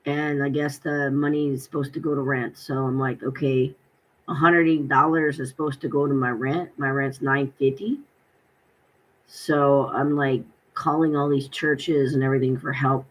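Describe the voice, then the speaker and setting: Woman, casual vlogger, slightly husky, lively storyteller who acts out both sides of a call. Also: low-pitched. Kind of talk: casual personal vlog.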